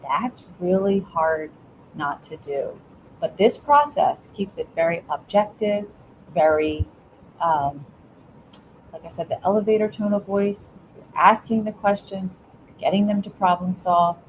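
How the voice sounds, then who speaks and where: A woman's voice: lowish voice, unhurried, a little hiss or hum, low-quality recording. A middle-aged woman, a former school principal, giving earnest, encouraging parenting advice as an interview guest, with frequent restarts.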